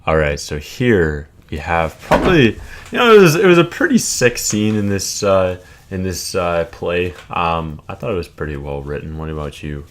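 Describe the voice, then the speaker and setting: Young man, student project presenter, casual comic retelling, laid-back slang, hesitant, lowish voice. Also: sing-song, moderate pace, slight background noise.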